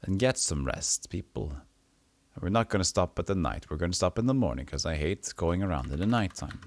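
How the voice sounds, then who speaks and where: Deep-voiced, animated retro RPG streamer. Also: male voice, fairly quick. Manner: animated, reads with stumbles and self-corrections. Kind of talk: casual gameplay talk and reading game text aloud. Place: home streaming setup.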